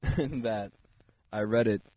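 A man's voice: lowish voice, slow, no echo. A young man hosting a solo comedy podcast, telling a rambling story full of fillers and asides. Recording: dull lo-fi dry sound.

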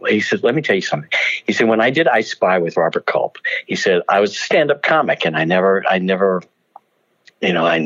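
A man telling anecdotes as an interview guest, animated and often laughing as he acts out what people said. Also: fairly low pitch, dull audio. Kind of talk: storytelling interview.

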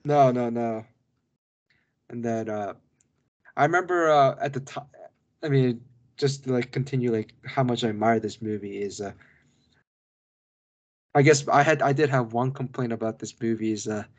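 A man's voice: medium pitch, moderate pace, long pauses, highs cut off. A man co-hosting a podcast, chatting casually about a film with many restarts and asides. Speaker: podcast co-host. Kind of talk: casual film review chat.

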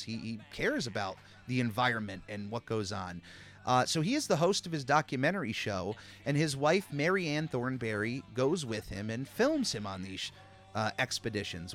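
A man's voice: a little high, a bit bright. A man talking casually as a host about old cartoons, chatty with frequent fillers and restarts. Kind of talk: casual commentary.

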